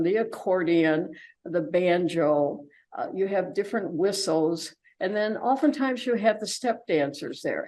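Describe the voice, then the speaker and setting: A woman's voice: medium pitch, a little mellow, low-quality recording. An older woman giving an informal travel slide talk, chatty and full of fillers and restarts. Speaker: travelogue presenter.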